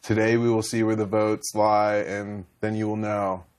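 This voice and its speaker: A man's voice: on the low side, flat delivery, normal speed, darkish tone. A young man and reality show contestant, rambling emotionally as he retells conversations in a heated talk.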